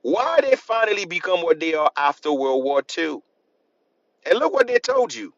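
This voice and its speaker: A slightly high, creaky male voice with huge pitch swings delivers a history lecture to camera at a moderate pace. The channel host is emphatic, goes over points again and again, and asks rhetorical questions. There's no echo, though the sound is dull and lo-fi.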